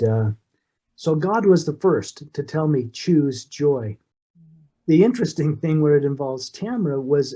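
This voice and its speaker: A middle-aged man speaks as an interview guest, his voice mellow and a little higher than most men's. He tells a personal story earnestly and with feeling, often stopping and restarting his sentences. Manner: earnest, emotional, halting with restarts.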